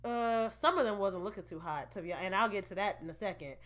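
A woman's voice: medium pitch, a little fast, fairly bright tone. A woman vlogger giving a chatty, opinionated recap of an awards show, with laughing asides. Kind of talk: casual entertainment recap.

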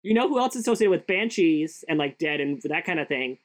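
A woman's voice: deep voice, lively intonation, a little fast, poor audio. Giggly young woman podcast cohost. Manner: giggly, sarcastic, full of "like". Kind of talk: casual chat.

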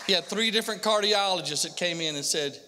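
A man's voice: sits high, fast talker, heavy background noise. A middle-aged father telling an emotional personal testimony to a pastor, earnestly and with frequent repetition. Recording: long hall reverb.

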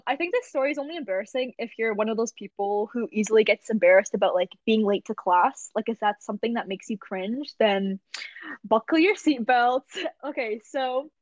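A woman's voice: on the high side, dry recording. Young adult female host, casual storyteller, lo-fi dry mic. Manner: animated, laughs often, lots of "like" fillers. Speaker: podcast host. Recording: dull lo-fi dry recording.

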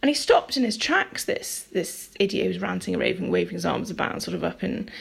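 Gravelly-voiced woman telling a story. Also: fairly low pitch, a little fast. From near Liverpool, England. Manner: rambling, animated, acts out dialogue. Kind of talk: casual personal storytelling.

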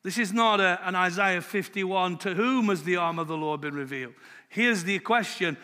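A man's voice: high-pitched, normal speed. Emphatic preacher man in a reverberant hall. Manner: emphatic, swings from quiet to loud. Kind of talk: sermon.

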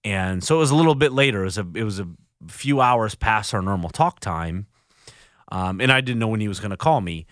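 Expressive and lowish, with a fairly bright tone, this man's voice comes from a recording studio with no echo. As a solo podcast host, he is earnest and reflective, frequently stopping to restart what he's saying.

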